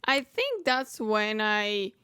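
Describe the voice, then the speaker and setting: Female co-host, smooth clear voice, mid-pitched, relaxed and tentative, dry sound. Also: takes it slowly, no room sound. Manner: relaxed, hesitant, lots of backchannel agreement. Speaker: podcast co-host. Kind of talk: casual film review chat.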